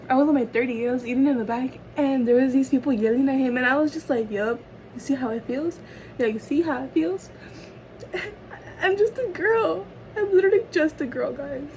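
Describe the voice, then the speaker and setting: A teenage girl rambles through a get-ready-with-me vlog, talking while she does her makeup at home. She fills every sentence with fillers in a fairly high voice, and a steady hiss of background noise sits under the phone-close recording. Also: low-quality recording. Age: teens. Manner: rambling, chatty storytelling with constant fillers. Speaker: vlogger.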